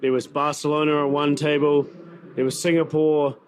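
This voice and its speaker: In a casual interview at a busy event venue, a chef and restaurant owner with a New Zealand accent talks chattily, leaning on fillers and repeated words. His voice is on the high side with little pitch movement and a normal pace, and a bit of hiss or hum is audible.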